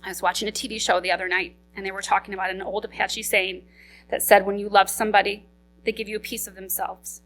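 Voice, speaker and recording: A young woman reading a eulogy for her father at a memorial service, steady but holding back grief. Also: medium pitch, fast, rough recording. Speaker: daughter giving a eulogy.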